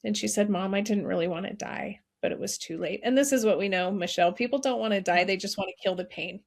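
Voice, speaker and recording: A middle-aged woman, a podcast guest, telling a painful personal story in an earnest, heartfelt way with quick restarts. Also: mid-range voice, gravelly. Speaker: podcast guest, nonprofit founder.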